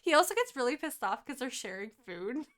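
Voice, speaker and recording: A young woman recapping a book in casual podcast chat, animated and laughing, swearing freely as she quotes the characters. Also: high-pitched, a little fast. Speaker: podcast co-host.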